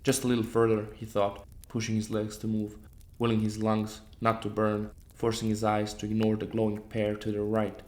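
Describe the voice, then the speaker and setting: A man narrating a horror story in a steady, scripted storytelling manner. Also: lowish voice, moderate pace.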